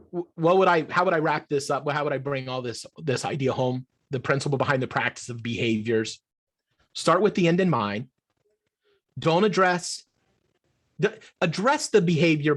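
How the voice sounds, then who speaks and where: A middle-aged man, an adoptive father, answering an interview question in an earnest, animated way, restarting his sentences often. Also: on the high side. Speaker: podcast guest, adoptive father.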